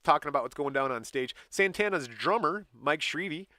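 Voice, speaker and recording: A man co-hosting a casual podcast, telling a story with lively put-on voices. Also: fairly high pitch, fairly quick, dry recording, studio quality. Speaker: podcast co-host. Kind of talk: casual chat.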